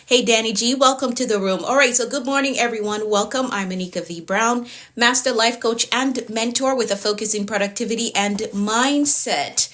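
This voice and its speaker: A middle-aged woman life coach hosting a casual livestream, upbeat, greeting viewers by name and repeating phrases, her voice getting a little hoarse. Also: a little high, normal speed, a bit bright.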